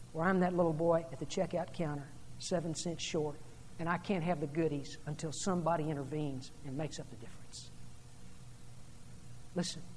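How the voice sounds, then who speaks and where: A woman preacher delivering a sermon, telling a story and then speaking in hushed, earnest tones. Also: fairly low pitch, slight background noise. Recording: long hall reverb.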